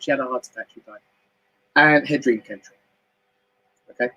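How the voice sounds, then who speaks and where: A man with a British accent giving a chatty, animated motivational talk on a home live stream, often jumping up high in pitch. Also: normal speed, pauses often, husky, rough recording. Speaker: motivational speaker. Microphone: home live stream mic.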